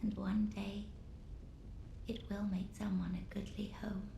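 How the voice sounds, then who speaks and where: A woman voicing a shy, gentle young girl painter in whispered role-play, with soft archaic speech. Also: mid-range voice, little pitch movement, a little slow, vocal fry, reverberant, lo-fi sound, slight background noise. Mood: gentle wistful.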